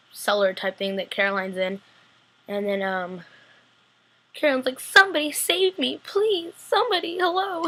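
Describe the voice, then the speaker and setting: Young woman, casual excited recap, laptop webcam, lots of "like", bursts of squealing. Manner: chatty, full of "like" fillers, acts out scenes with sudden high-pitched squeals. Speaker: vlogger reviewing a TV episode.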